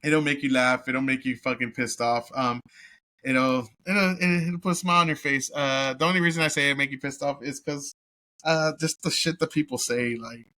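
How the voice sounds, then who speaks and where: A man reviews a film in a loose, unscripted way, swearing freely and stumbling through fillers as he retells scenes. His voice is bright and forceful, pitched in an ordinary middle range. He chuckles now and then as he goes along. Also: fairly even intonation, moderate pace. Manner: profane and rambling, heavy cursing with filler words; amused, laughs while telling the story. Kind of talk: casual movie review.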